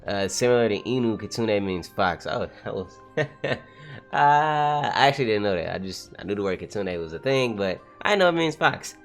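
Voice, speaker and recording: Slangy, excitable man reading comics aloud. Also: on the low side, moderate pace, faint music behind. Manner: slangy, excitable, laughs often. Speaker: manga reaction streamer. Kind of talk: casual read-along commentary.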